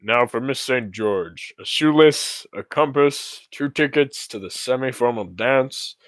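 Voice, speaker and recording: A man's voice: medium pitch, measured pace, fairly bright tone, no room sound, lightly acted. A man reading the part of a fussy, mock-stern school principal in an amateur play reading. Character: fussy middle-aged male school principal.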